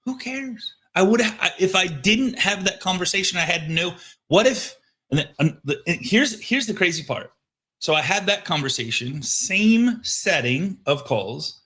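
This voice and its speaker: A man hosting a live show, coaching listeners on sales outreach and telling lively stories of his phone calls. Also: sits high, measured pace. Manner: animated storyteller acting out phone calls. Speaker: host. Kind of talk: casual coaching talk. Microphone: headset microphone.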